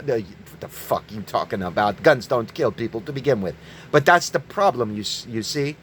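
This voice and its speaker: A man giving an angry, profane religious rant, yelling at his listeners. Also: mid-range voice, expressive, normal speed, slight background noise. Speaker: online preacher.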